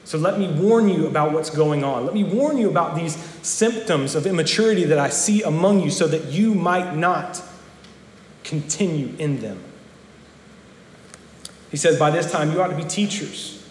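A man's voice: a little high, normal speed. Guy preaching a sermon, earnest, keeps repeating words, roomy church echo with faint background noise. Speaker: pastor. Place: church sanctuary. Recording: echoey church hall with long reverb.

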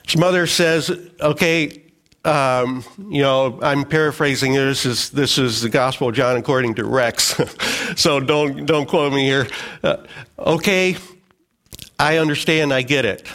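A man's voice: mid-range voice, a little slow, a bit bright. A middle-aged male pastor preaching a sermon in a conversational way, with joking asides and acted-out quotes.

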